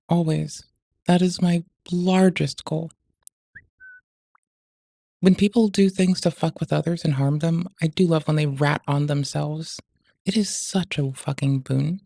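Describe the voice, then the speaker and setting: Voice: medium pitch, gravelly, warm tone. A streamer in casual reaction chat, rambling and swearing, breaking off mid-thought to fiddle with the stream. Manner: rambling, sweary, self-interrupting.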